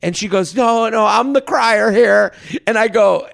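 A man's voice: high voice, a little slow, gravelly, fairly bright tone. A man telling stories in an exaggerated, laughing way as a comedian hosting a casual podcast chat. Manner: storytelling, exaggerated, laughing often.

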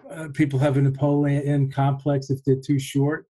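A man hosting a podcast, speaking in a thoughtful, unhurried conversational way with pauses and restarts. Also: mid-range voice, level tone, warm tone, a little hiss or hum. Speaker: podcast host and meditation teacher. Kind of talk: reflective conversational talk.

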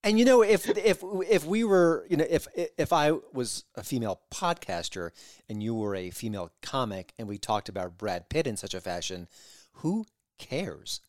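A man hosting a podcast interview, asking measured, thoughtful questions and building them carefully. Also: medium pitch, sing-song, a little mellow, dry recording, clean studio sound. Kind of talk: casual interview chat.

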